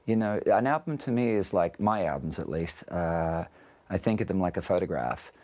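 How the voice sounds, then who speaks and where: An Australian man with a very low-pitched voice talks things through in a relaxed interview. He is reflective and works his way through ideas using long analogies. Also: normal speed. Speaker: interviewed musician. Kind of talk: casual interview.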